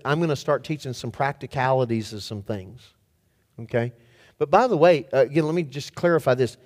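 Higher-voiced preacher in a reverberant hall. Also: male voice. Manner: animated storytelling with rhetorical questions. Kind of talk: sermon.

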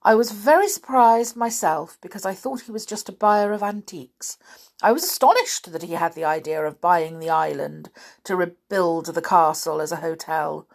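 A woman voicing a stern middle-aged father who talks in a brisk, lecturing way. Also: lowish voice, creaky.

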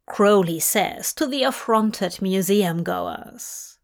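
A woman reading fanfiction aloud as an audiobook, in measured, gently expressive storytelling. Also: fairly high pitch. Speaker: fanfiction reader.

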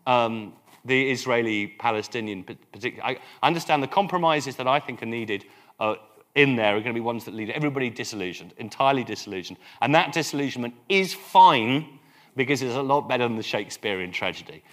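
An English man, a priest speaking as the guest at a live public conversation, animated and full of halting restarts. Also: mid-range voice. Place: London event hall.

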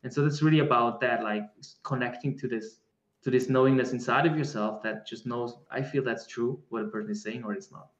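A man's voice: medium pitch, steady tone, a little fast, echoey room, highs cut off. A man answering a question in a reflective, conversational way, often restarting and searching for the right words. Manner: searching, many restarts and fillers. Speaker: guest speaker on embodiment.

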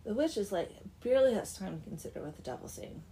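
A woman's voice: mid-range voice, lively intonation, fast talker, mellow, slight background noise. A young woman casually retelling a folk tale, chatty with wry asides and dips into whispers. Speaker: storyteller. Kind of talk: casual comic story retelling.

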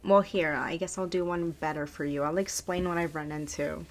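A woman's voice: deep voice, fairly even intonation, moderate pace, a little hiss or hum. A woman hosting a podcast in loose, rambling casual chat, swearing freely, on a foam-covered mic. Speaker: podcast host. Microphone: podcast microphone with foam cover.

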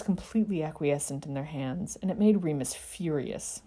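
A woman narrating a fan fiction story in an expressive, dramatic reading. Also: low voice, moderate pace, slightly rough.

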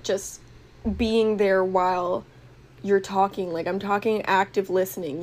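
A young woman co-hosting a podcast, explaining her views in a relaxed and thoughtful casual chat. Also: mid-range voice. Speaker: podcast co-host.

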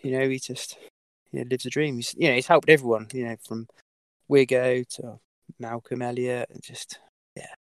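A man's voice: mid-range voice, little pitch movement, moderate pace, no echo. A man telling a story as a podcast guest, with many fillers, restarts and the odd swear word. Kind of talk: casual storytelling.

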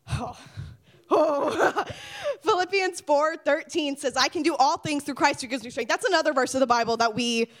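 Lively high-voiced woman giving a youth talk. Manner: lively, conversational, swings from loud to hushed. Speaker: youth speaker.

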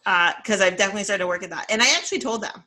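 Talking very fast at medium pitch, a woman in her thirties co-hosts a podcast in casual conversation. She tells lively, chatty stories sprinkled with plenty of fillers.

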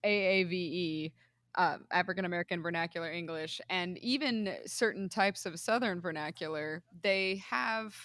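Relaxed woman host, low-pitched, dry close recording. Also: moderate pace, no echo. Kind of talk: casual conversation.

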